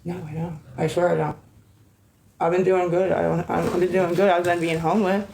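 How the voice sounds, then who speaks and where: A woman's voice: on the low side, level tone, a little fast, creaky, noisy background. A woman livestreaming on her phone, ranting in an agitated, profane way and rambling between topics. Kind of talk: rambling live-stream talk.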